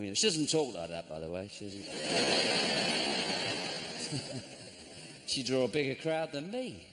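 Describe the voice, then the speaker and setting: A middle-aged man doing stand-up comedy, with a dry, sardonic delivery that jumps into squeaky mock voices. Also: big pitch swings, moderate pace, pauses often, a little hiss or hum. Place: theatre stage. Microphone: stage microphone. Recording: live show with loud audience ambience.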